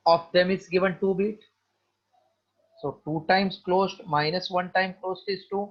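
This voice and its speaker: A man with an Indian accent teaching physics in an online class, mixing Hindi into his English and putting questions to his students. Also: high voice. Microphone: video call. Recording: dull lo-fi online call audio.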